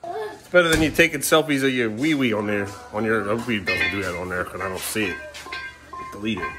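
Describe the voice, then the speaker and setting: A man's voice: fairly low pitch, big pitch swings, fairly quick, over loud music. A man filming a casual home vlog as a father, talking in an exasperated, rambling way and scolding his kids in the living room.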